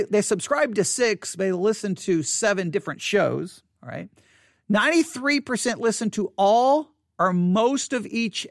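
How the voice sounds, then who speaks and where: A solo podcast segment on listener stats: the host speaks in a mid-range voice into a studio mic up close, with no echo, reacting incredulously and restarting many times.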